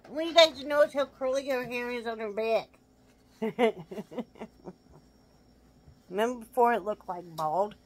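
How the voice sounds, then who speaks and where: A woman's voice: unhurried, long pauses. A woman hosting a casual home vlog, chatting to viewers and laughing often. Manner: coos in a high baby-talk voice to her pet. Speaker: vlog host. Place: home, living room.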